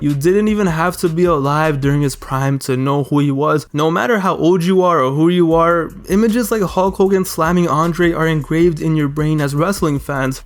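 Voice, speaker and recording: Casual, higher-pitched male fan narrator. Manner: casual, fan-like storytelling with slang asides. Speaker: wrestling video narrator. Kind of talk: voice-over video essay narration.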